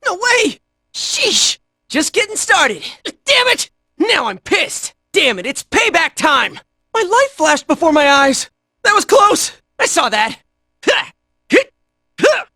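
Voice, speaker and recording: A brash young video game fighter, played by a woman, trades quick shouted battle cries and smug taunts. The voice sits very high and swings widely in pitch. It is recorded close and dry, with no room around it. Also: no room sound, heavily acted. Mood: startled. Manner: shouted short battle cries, cocky and jokey.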